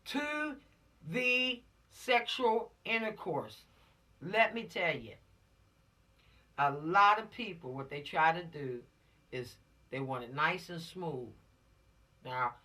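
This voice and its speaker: Woman instructor, bright voice, preachy and emphatic lecturing, recorded from across the room. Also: fairly low pitch, far from the mic. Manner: preachy, emphatic, repeats warnings, drops into slang. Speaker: law course instructor. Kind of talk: lecture to teens.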